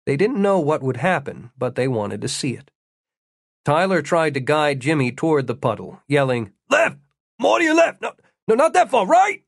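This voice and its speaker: A man reading an audiobook, telling an adventure story in a measured way with dry humor. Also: medium pitch, no room sound. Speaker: narrator. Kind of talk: audiobook narration.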